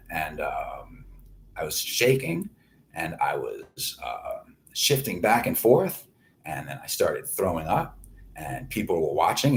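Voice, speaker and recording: Low-voiced, crude rambling man. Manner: profane, boastful, meandering. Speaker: livestream host.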